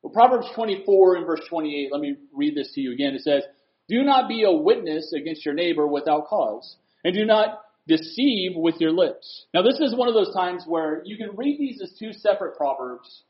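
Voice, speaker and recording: A man delivers a sermon with a high voice that leaps all over the place. He moves between loud emphatic lines and quiet, hushed asides. The sound is roomy and a little dull. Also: moderate pace. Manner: animated preaching, swings from loud to hushed. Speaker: pastor. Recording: echoey room, dull lo-fi sound.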